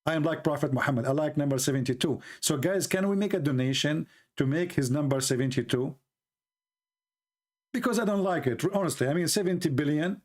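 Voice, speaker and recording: A man's voice: a little high, fairly quick, a little mellow. A middle-aged man from the Middle East with a Middle Eastern accent, delivering a mocking, sarcastic livestream monologue in broken English. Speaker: show host.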